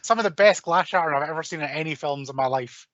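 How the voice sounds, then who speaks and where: A man's voice: on the high side, fast, a bit bright, dry recording. A man on a casual film podcast, enthusiastic and swearing freely. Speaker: podcast co-host. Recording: dull lo-fi podcast audio.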